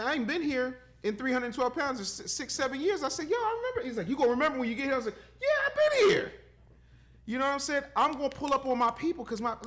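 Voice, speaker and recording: Man, 50s, podcast guest; emphatic and preachy, high-pitched, cusses freely. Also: a bit bright. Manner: emphatic, preachy, swears freely, acts out quotes. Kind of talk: casual podcast talk.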